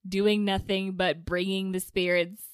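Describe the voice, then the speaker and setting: A woman co-hosts a chatty podcast with her sisters, talking emphatically and pushing back on every point. Her voice sits at an ordinary middle pitch. The recording is close and dry, with no room sound. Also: little pitch movement, smooth, no room sound. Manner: emphatic, quick to argue. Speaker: podcast co-host. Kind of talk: casual banter with sisters.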